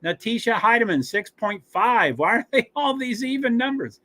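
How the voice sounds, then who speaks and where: A man hosting a casual sports watch-along stream, reading team rosters and stats aloud with many fillers, pauses and chatty asides. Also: extremely high pitch, big pitch swings, sharp tone.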